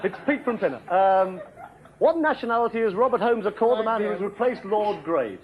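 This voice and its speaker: A man's voice: high-pitched, lively intonation, brisk. A man playing a flustered, apologetic game show host who keeps giggling in a comedy sketch. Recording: dull recording with loud studio audience and noise.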